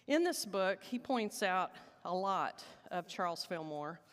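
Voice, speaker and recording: A woman teaching at a church service, leading the congregation in call and response and stating each "I am" line with slow emphasis. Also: lowish voice, expressive, in a large hall. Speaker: licensed Unity teacher giving the talk. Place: church sanctuary.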